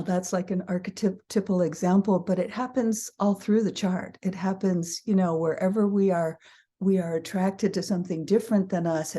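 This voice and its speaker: A woman's voice: fairly low pitch, mellow, slightly rough. A middle-aged woman teaching, reading her own booklet aloud with chatty asides and little acted-out voices. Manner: chatty, laughs at herself, acts out quick voices. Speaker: human design teacher.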